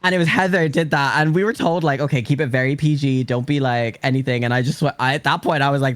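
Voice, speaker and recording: A man with an Irish accent talks in a rambling, self-deprecating way. He speaks at a middle pitch, and his voice sits dry and close with no room echo. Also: fast, a bit bright. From Ireland. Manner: chatty, rambling, self-mocking. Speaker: drag performer guest. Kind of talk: casual chat.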